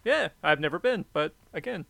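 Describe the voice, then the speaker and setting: A man's voice: fairly high pitch, animated, moderate pace, vocal fry, sharp tone, no room sound. A man hosting a podcast interview in casual chat, with dry, joking asides. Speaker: podcast host.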